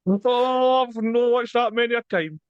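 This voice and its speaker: A man's voice: very high voice, measured pace, smooth, dry recording, highs cut off. A man with a Glaswegian accent co-hosting a podcast, talking in a laid-back, sweary way. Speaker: podcast co-host. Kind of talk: casual chat.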